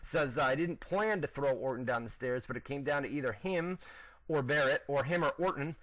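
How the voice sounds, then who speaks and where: A man's voice: mid-range voice, brisk, fairly bright tone, dry recording, rough recording. Brash man hosting a rowdy show. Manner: laughing, swearing, rambling recaps with fillers. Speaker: wrestling radio show host. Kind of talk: casual crude banter. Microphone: headset. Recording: internet radio show.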